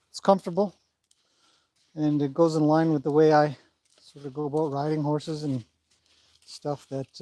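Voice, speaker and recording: A man's voice: fairly high pitch, dark tone, no echo. A man who trains horses, chatting casually through a livestream, rambling and breaking off to talk to his horse.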